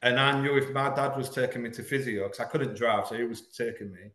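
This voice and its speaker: A man speaks in a middle-pitched voice and tells a hard personal story with blunt honesty. He pauses and stumbles over the heaviest parts, but he keeps going. The room gives his voice a roomy echo. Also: a bit bright. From Hull, England. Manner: frank, earnest, halting at painful moments. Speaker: podcast guest. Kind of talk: candid personal storytelling in an interview.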